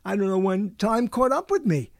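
A man's voice: sits high, animated, normal speed, gravelly, no room sound, studio quality. An older man hosting a radio show, telling a wandering story in a solo monologue, chuckling and correcting himself as he goes, his nose stuffy from a cold. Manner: chuckling often, self-correcting, wandering anecdote.

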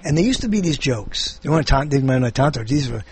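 A man's voice: mid-range voice, sing-song, fast, husky, no echo. A man hosting a show in casual comedic chat, rambling and jokey, now and then slipping into silly voices. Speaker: show host.

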